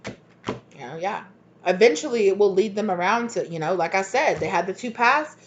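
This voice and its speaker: Animated, blunt woman giving a tarot reading. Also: moderate pace, a little hiss or hum. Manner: animated, acts out both sides of arguments in sudden high voices; blunt and swears freely. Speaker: tarot reader. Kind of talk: casual spoken tarot reading. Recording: dull lo-fi recording.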